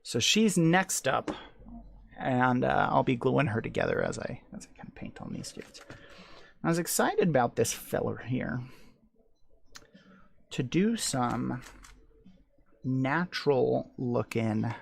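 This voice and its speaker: A man with a creaky, fry-edged voice chats loosely while working at a hobby bench at home. He rambles in a laid-back way and drops the odd curse. His pitch sits in a middling range. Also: sing-song, slow, long pauses, slight background noise. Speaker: hobby painter, channel host. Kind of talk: casual chat while painting miniatures.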